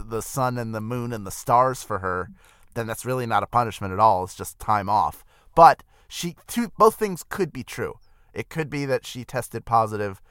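A man's voice: medium pitch, a bit bright, smooth, no echo, studio quality. A man co-hosting a podcast, thinking aloud in a hedging, musing casual chat. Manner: musing, hedging, talks through ideas aloud. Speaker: podcast co-host.

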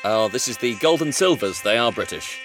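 Chatty guy guest on a quiz show, lively voice, music playing behind. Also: medium pitch, brisk. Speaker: panel guest. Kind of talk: casual comedy panel chat.

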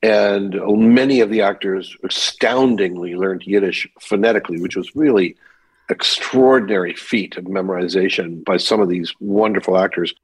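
An older man with a low, husky voice tells a story in a podcast interview. The recording sounds dry and close. He is an animated storyteller. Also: normal speed, no room sound, rough recording. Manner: animated anecdote teller, mimics voices in quotes. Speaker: actor guest.

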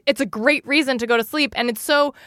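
A woman's voice: high-pitched, fast talker, fairly bright tone, no room sound, studio quality. A woman in her thirties co-hosting a parenting podcast, chatting casually with lots of "like". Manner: chatty, lots of "like", laughs along. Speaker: podcast co-host. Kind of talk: casual chat.

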